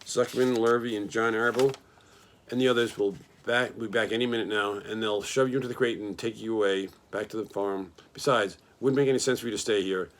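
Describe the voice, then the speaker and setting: A man voicing a calm, wise female spider who speaks gently and measuredly. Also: lowish voice, brisk, a little hiss or hum, natural voice. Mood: firm.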